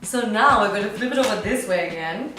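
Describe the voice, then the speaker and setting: A woman's voice: mid-range voice, animated, fairly quick, sharp tone. A woman presenting a home recipe in a casual cooking vlog, chatty and playful, sometimes half-singing her words, recorded in a home kitchen. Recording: very echoey kitchen with background music.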